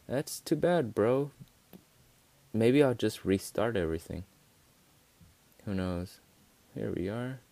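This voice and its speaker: A man's voice: deep voice, creaky, darkish tone, dry recording. A man giving casual, rambling gameplay commentary, easily exasperated and swearing freely. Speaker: gaming video creator.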